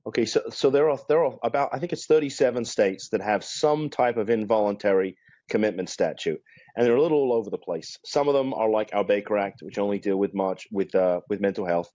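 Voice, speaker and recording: A man with a low, mellow voice explains legal procedure on a remote panel, measured and careful, often restarting his sentences. The sound is dry and slightly dull, as heard over a video call. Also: no room sound. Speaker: guest attorney.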